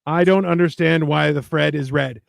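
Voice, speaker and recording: A man's voice: a little high, moderate pace, vocal fry, no room sound. A middle-aged man co-hosting a cooking stream, chatting casually, swearing and acting out the lines of people in his stories. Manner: animated storyteller, swears, acts out quoted lines. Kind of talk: casual chat while cooking.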